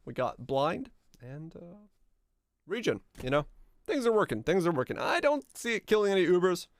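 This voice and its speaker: Hoarse raspy guy rambling on stream, joking around, dry close sound. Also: fairly high pitch, no room sound. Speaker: game streamer. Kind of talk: casual gaming stream chat.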